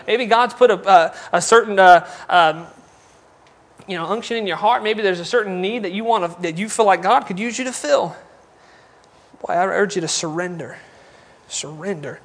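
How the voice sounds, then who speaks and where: A man's voice: sits high, fairly bright tone. A man preaching a folksy, conversational sermon full of rhetorical questions.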